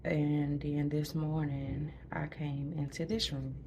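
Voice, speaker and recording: Chatty low-voiced woman with a lilt. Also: flat delivery, takes it slowly, background noise. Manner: chatty, laughs often, drops to a hush when retelling. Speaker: new mother recounting a birth. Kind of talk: casual storytelling to camera. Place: hospital room.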